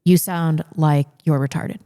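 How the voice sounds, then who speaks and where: A woman with a somewhat low voice trades blunt, opinionated banter with her co-host. She talks casually, like a regular on the show. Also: steady tone, a little slow, warm tone. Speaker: podcast host. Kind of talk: casual chat.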